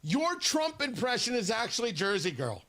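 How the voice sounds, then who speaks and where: Bright-voiced male radio host. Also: very high-pitched, wildly swooping pitch, normal speed. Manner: chatty, laughing, trips over words. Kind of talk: casual morning radio banter.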